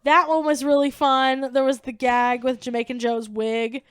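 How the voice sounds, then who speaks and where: A young adult woman co-hosting a comedy podcast, chatting casually and excitedly with lots of "like" and quoted impressions. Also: high voice, clear, resonant tone, dry recording, clean studio sound. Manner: bubbly, rapid recaps full of "like" and quoted impressions. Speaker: podcast co-host.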